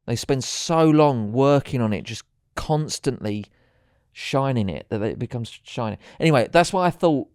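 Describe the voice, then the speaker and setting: Lively, rambling man co-host. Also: mid-range voice, moderate pace, dry recording, studio quality. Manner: chatty, rambling, swears freely. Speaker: podcast co-host. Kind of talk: casual chat.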